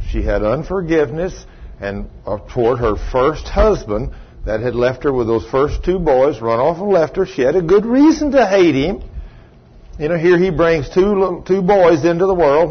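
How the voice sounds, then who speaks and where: A man's voice: on the high side, husky. A middle-aged man preaching a sermon as a story, folksy in tone and rising to emphatic outbursts. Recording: dull lo-fi recording.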